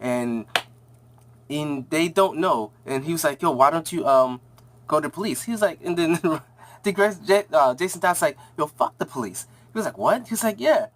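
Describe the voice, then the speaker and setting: A man casually recapping and reviewing a TV episode, rambling in slang and acting out the characters' lines in quick voices. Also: a little high, slight background noise.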